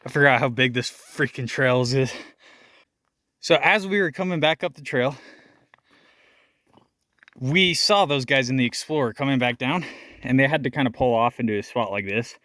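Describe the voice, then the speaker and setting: A man's voice: mid-range voice, moderate pace, pauses often, pushed and bright, no echo. A young man telling a story while hiking outdoors on a rocky trail, laughing often and out of breath. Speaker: vlogger. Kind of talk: casual storytelling vlog.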